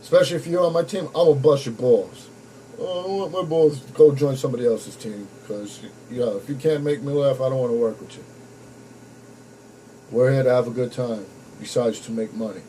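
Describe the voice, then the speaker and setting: A man's voice: mid-range voice, brisk, dark tone, slight background noise, rough recording. Blunt young man telling his story. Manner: blunt, profane, addresses viewers as folks. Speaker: vlogger. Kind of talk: personal storytelling to camera.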